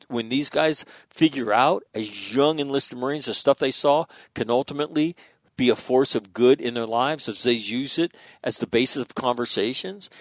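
A man's voice: mid-range voice, dry recording. A man on a podcast talks in a loose, profane way and keeps jumping back into his sentences. His voice is recorded close and dry, with no room sound. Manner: profane, animated storytelling with frequent restarts. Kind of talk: casual podcast conversation.

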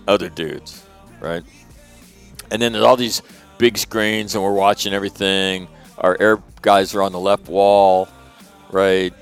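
A middle-aged man from Northern California hosting a radio show, telling a long, rambling, profane story with lively quoted asides. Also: on the low side. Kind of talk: casual storytelling monologue.

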